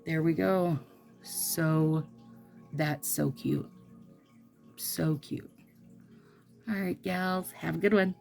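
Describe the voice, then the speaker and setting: A woman chatting casually as she does her nails, gushing and trailing into soft murmurs, with faint music behind. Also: low-pitched, steady tone, very slow, gravelly, long pauses. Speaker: nail product vlogger. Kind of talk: casual chat while doing nails.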